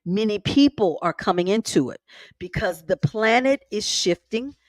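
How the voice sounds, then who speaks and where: A woman's voice: mid-range voice, normal speed, no room sound. Chatty woman hosting a spiritual live stream. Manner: chatty, animated, emphatic, folksy. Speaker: spiritual content creator, live host. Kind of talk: casual live-stream talk. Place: home.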